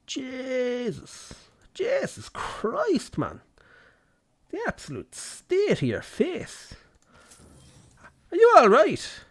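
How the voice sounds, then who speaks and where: A threatening, swearing hard man with a rough Dublin accent, spoiling for a fight, as a streamer puts him on. His talk is slangy and mocking. He is ready to square up to anyone who crosses him. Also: very high voice, huge pitch swings, very slow, long pauses, fairly bright tone, voice pushed up, heavily acted.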